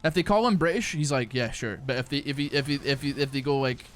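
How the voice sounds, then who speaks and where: A man's voice: mid-range voice, quick pace, faint music behind. A young man streaming a game live, chatting casually, rambling with frequent restarts and plenty of swearing. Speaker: gaming streamer. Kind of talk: casual live-stream chat while gaming.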